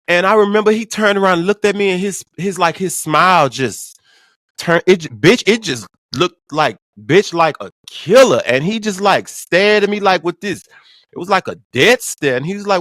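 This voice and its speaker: A man vlogging an emotional personal story, full of slang and cursing. He stammers and repeats himself, and his voice swings from hushed to excited. The voice sits fairly high for a man, recorded dry and close. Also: moderate pace, no echo. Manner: profane, slangy.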